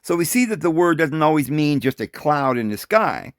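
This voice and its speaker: A male Bible teacher gives casual, animated commentary, full of rhetorical questions and quick laughs. His high voice swings widely in pitch and has a clear, resonant tone. The recording is close and dry, with no echo or room around it.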